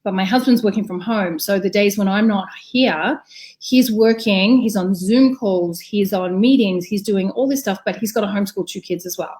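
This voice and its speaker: A woman in her thirties, a critical care nurse and mother, is a guest in a casual video-call chat. She tells stories animatedly, acting out the quotes. Her voice is medium-pitched at a moderate pace.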